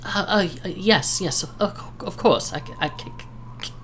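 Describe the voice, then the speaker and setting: A woman's voice: on the low side, animated, moderate pace, a little hiss or hum, pitched above the performer's own voice, close to an everyday voice. Woman putting on a stuttering old centaur man. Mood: nervous. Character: older male centaur mail carrier, nervous.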